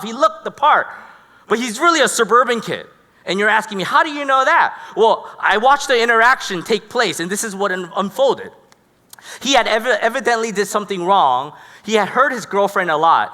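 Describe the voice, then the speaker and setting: Male pastor, sermon, dramatic storytelling, bright tone, long church reverb. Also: high-pitched. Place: church hall. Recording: echoey church hall.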